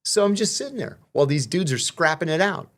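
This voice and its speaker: A middle-aged man telling stories in a loose, conversational way. His pitch swings widely as he acts out the quoted back-and-forth, and he swears freely. The delivery is lively and animated. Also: fast talker. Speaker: guest telling prison stories. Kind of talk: casual storytelling conversation.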